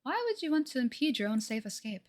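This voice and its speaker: Pitching above her own voice, this woman speaks fast in a high, sing-song way, playing a scheming ancient spirit who has taken over a young woman. The livestreamed game dialogue is formal, condescending and archaic, with game music loud in the background.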